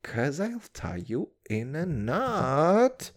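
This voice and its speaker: A man's voice: a little high, drawn-out words. A young man from Kazakhstan, telling a heated story in a casual rant, swearing constantly and calling everyone dude. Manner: heated, animated, laughs at his own story.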